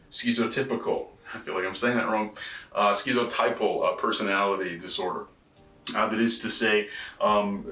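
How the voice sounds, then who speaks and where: Man, college instructor, casual lecture, low pitch, distant mic, echoey room. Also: bright, forceful tone. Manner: conversational, frequent "right?" and "uh" fillers. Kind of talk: recorded lecture. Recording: roomy, distant mic with faint noise.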